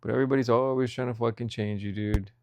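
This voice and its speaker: A man's voice: mid-range voice, fairly even intonation, quick pace, a little mellow, dull audio. A young man vlogging about food in a rambling, profane rant, saying "dude" constantly. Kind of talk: casual ranting monologue.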